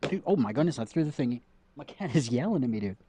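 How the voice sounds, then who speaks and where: A man's voice: medium pitch, expressive, fast talker, warm tone, a little hiss or hum. A man streaming a game from home, chatting casually and rambling to his chat, repeating himself as he goes.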